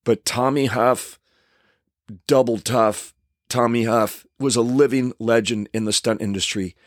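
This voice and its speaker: Brief: older male storyteller, mid-pitched, rambling and casual, dry close sound. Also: fairly even intonation, a little slow, no room sound. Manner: rambling, with many fillers and restarts. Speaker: stuntman telling a story. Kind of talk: casual spoken anecdote.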